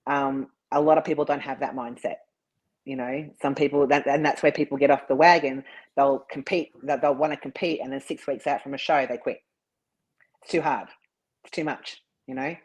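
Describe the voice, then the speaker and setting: A woman's voice: extremely low pitch, fairly even intonation, normal speed, darkish tone, breathy edge, poor audio. A woman bodybuilder, a guest in an interview, telling her story earnestly and restarting her sentences often. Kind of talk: casual interview chat.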